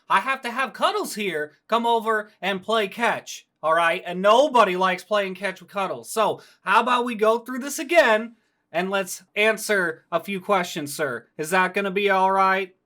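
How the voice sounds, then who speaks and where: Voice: medium pitch, expressive, normal speed, pushed and bright. A performer playing a folksy, drawling frontier lawman who talks in a threatening way, in a tabletop game. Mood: menacing. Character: gruff frontier lawman, adult man.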